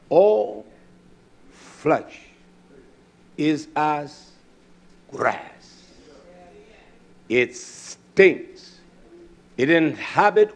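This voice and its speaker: A man preaching a fiery sermon, booming at times and dropping to low asides to his congregation, with blunt curses and Hebrew terms mixed in. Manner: fiery, swings between loud declaiming and low asides to the congregation.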